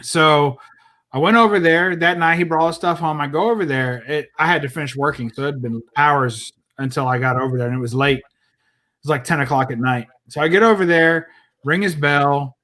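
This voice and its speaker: A slightly high-voiced man spinning a long anecdote in relaxed chat, rambling and full of fillers. He drifts in and out of acted-out quotes from the people in his story. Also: fairly quick. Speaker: podcast host telling a story.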